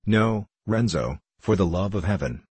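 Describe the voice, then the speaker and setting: A man voicing a gentle, pious young village bride who speaks in a pleading way. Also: low voice, animated, unhurried, slightly rough, dry recording, heavily acted. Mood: earnest.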